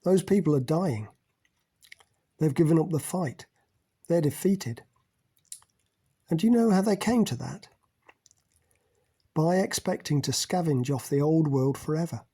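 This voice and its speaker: A forceful middle-aged leader lectures and accuses, rising hard on his key words, as a man reads him. The voice is husky and mellow, a little high for a man. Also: lively intonation, measured pace, pauses often, heavily acted. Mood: emphatic.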